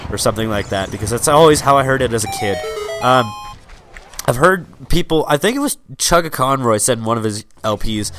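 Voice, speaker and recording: A man's voice: medium pitch, fairly bright tone. A young man rambling and joking through a game in casual gameplay commentary. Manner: rambling, joking, many fillers. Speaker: let's player.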